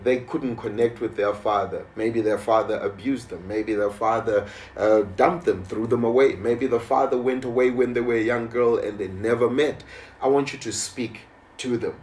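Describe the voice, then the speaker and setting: A man's voice: medium pitch, fairly even intonation, normal speed, darkish tone, reverberant, slight background noise. A man interviewing an author, earnest and encouraging as he addresses viewers. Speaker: publisher and interviewer. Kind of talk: interview hosting.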